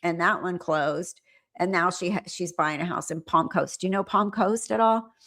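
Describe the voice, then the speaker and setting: A woman's voice: fairly low pitch, moderate pace, fairly bright tone. A middle-aged woman hosting a livestream, chatting with viewers in a rambling way and often trailing off and restarting. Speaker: livestream host. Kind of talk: casual chat with viewers.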